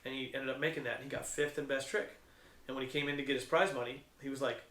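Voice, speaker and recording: A man's voice: mid-range voice, fairly even intonation, fast talker, a bit bright, reverberant. A middle-aged man telling stories in a casual, profane, slangy way, as a skate contest judge. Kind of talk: casual storytelling.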